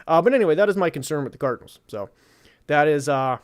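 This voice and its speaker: A man's voice: on the high side, lively intonation, fast talker. Rambling young man talking football. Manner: rambling, many fillers and restarts. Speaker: podcast host. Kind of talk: casual football talk.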